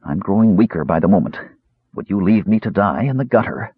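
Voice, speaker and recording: A man's voice: low voice, lively intonation, a little fast, breathy edge, no echo. A man voicing a frail, sickly young male mage who snaps and struggles for breath. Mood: snappish. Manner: snapping, short of breath. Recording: tinny lo-fi narrow band.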